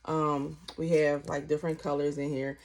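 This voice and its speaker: A woman's voice: low-pitched, moderate pace, creaky. A young woman teaching a parenting class in a casual, chatty way, full of "like" and playfully acted-out questions. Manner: chatty, peppered with "like", acts out questions with lively inflection. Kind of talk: casual instructional talk.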